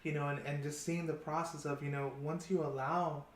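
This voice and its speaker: A man's voice: fairly high pitch, flat delivery, moderate pace. Storytelling male therapist, roomy sound. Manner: storytelling, acts out quoted dialogue. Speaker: therapist working with high schoolers. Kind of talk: casual panel chat. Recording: roomy studio with faint background noise.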